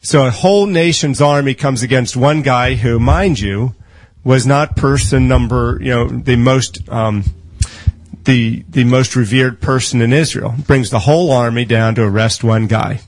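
A man delivering a sermon in a conversational, storytelling way, acting out the voices of people in his stories. He speeds through memorized scripture passages. His voice is of middle pitch and sounds dry, with little room echo. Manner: quotes scripture in quick bursts. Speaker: preacher.

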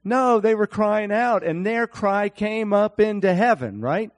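A man preaching a sermon, animated, speaking to his congregation by name and acting out Bible scenes in different voices. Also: high-pitched, unhurried.

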